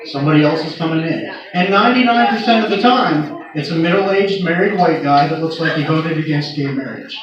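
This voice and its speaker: A man performs stand-up, telling crude punchline-driven stories in a fairly high voice. The recording is dull and taken from a distance, with heavy echo from the room. An audience laughs loudly behind him. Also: a little fast, few pauses, a crowd in the background. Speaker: stand-up comedian. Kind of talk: stand-up comedy set. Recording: echoey live club recording from afar.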